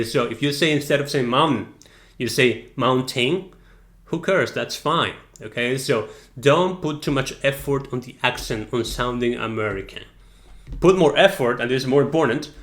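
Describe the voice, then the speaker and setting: A man's voice: medium pitch, fairly bright tone. A man teaching an online exam-prep lesson, explaining step by step and often checking in with "okay?" and "right?".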